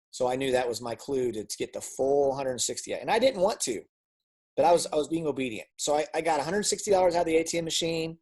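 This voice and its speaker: A man giving a personal testimony as a guest speaker, telling a story with lively acted-out dialogue and frequent repeated words. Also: medium pitch, quick pace, husky. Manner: animated storytelling, acts out dialogue; repeats words when restarting.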